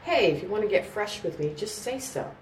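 A woman's voice: fairly low pitch, big pitch swings, fairly quick, a little mellow, a little hiss or hum, pitched above the performer's own voice. A woman doing a cocky young rum runner. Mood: teasing. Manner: cocky, teasing. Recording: roomy, distant mic, faint ambience.

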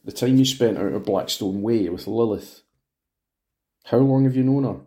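A man's voice: on the low side, normal speed, warm tone, voice pushed up, lightly acted. A man reading the part of a genial, needling male police detective.

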